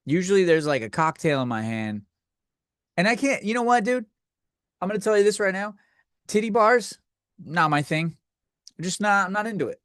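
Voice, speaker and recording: A man's voice: high-pitched, lively intonation, moderate pace, pauses often, a bit bright, no room sound, studio quality. A man hosting a solo comedy podcast, ranting crudely and rambling, acting out the people in his stories. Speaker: podcast host.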